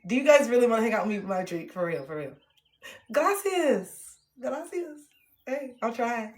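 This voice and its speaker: A woman livestreaming, chatting casually with her viewers and reading passages aloud from her own self-help book, playful and sassy. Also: medium pitch. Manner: playful and sassy, with frequent laughter and drawn-out self-talk.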